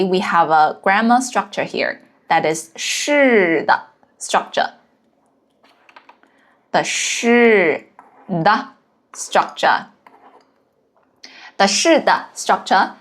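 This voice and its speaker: A woman who speaks natively, giving a language lesson and counting out the strokes of each character one by one. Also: mid-range voice. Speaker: Chinese language teacher. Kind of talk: slow step-by-step lesson narration.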